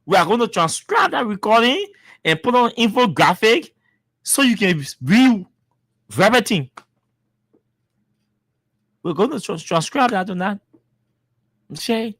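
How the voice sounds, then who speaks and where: A talk-radio host with a Liberian accent delivers commentary with heavy emphasis and lots of repetition. The voice sits at a middle pitch and sounds dry and close. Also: big pitch swings, measured pace, pauses often, fairly bright tone, no room sound.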